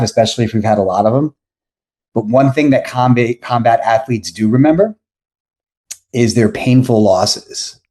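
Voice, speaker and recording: A man in his forties, a podcast guest, telling a long rambling story and often correcting himself. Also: mid-range voice. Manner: rambling, self-correcting, animated anecdotes. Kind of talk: casual storytelling.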